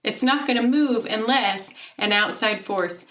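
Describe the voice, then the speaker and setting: A woman's voice: a little high, unhurried, a bit bright. Echoey teacher woman giving a video lesson. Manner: friendly teacherly, asks questions and checks with "okay?". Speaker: second grade teacher. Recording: echoey room, mic at a distance.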